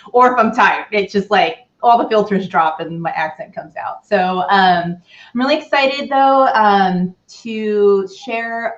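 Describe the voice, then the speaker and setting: A chatty woman from the East Coast speaks as a guest on a panel, her voice a little low and full of fillers. The sound is muffled, as if over a video call. Her room echoes noticeably. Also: moderate pace. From US East Coast, New York and Philadelphia area. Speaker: guest, youth ministry leader. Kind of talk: casual online panel conversation.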